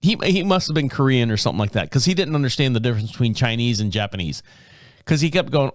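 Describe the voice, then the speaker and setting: A man's voice: medium pitch, animated, fast, dry recording, studio quality. A man in his fifties hosting a casual solo podcast, rambling and amused at himself, with a lot of chuckles and restarts. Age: 50s. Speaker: podcast host.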